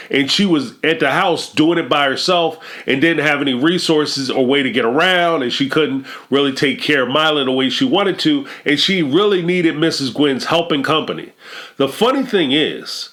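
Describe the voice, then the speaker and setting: Man, high voice, emphatic storyteller for reality-show commentary. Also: fairly bright tone. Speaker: commentary vlogger.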